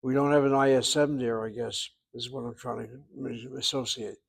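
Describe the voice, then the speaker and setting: A man teaching a Hebrew grammar lesson, explaining patiently and repeating words slowly to show how they sound. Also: medium pitch, fairly even intonation, vocal fry, breathy edge, low-quality recording. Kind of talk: classroom grammar lecture.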